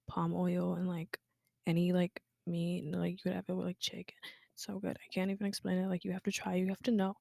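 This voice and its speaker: A woman's voice: medium pitch, creaky, dark tone, dry recording, clean studio sound. A teenage woman from Guinea hosting a casual personal podcast, chatty and full of fillers, dropping to a whisper at times. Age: teens. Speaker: podcast host.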